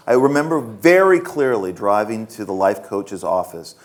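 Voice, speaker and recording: Low-voiced man telling frank stories. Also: big pitch swings, normal speed. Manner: frank, self-mocking, laughs while telling stories. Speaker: author answering audience questions. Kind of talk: candid storytelling at a festival Q&A. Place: festival stage before an audience.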